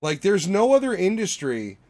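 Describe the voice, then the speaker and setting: A man's voice: high voice, big pitch swings, moderate pace, darkish tone. A man in his thirties hosting a podcast, joking and swearing his way through a casual chat with friends. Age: 30s. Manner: joking, profane, riffing. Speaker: podcast host. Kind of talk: casual crude banter.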